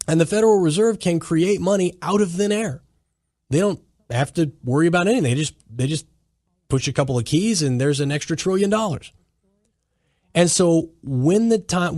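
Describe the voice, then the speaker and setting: A man's voice: on the high side, darkish tone, dry recording, clean studio sound. A man hosting a solo commentary podcast, talking emphatically in a lecturing way and often restarting his sentences. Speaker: podcast host.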